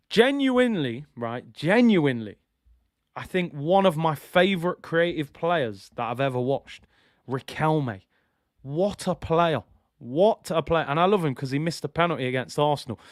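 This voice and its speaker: A young man riffs excitedly through a live football watch-along. His voice sits fairly high for a man, and he throws out slangy banter. The sound is dry and close. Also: dry recording.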